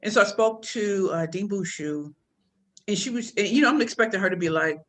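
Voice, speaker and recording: A woman's voice: medium pitch, a little fast, a little hiss or hum. A woman talks as a podcast guest. She tells her story casually and with spirit, full of slang, and she acts out the people she quotes in their own voices. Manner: animated, slangy, quoting others in voices. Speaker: podcast guest, pitch coach and speaker.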